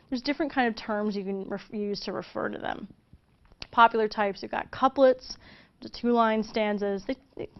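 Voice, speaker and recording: A woman's voice: medium pitch, highs cut off. A woman giving a casual, chatty video lesson, with frequent fillers and restarts as she explains. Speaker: teacher.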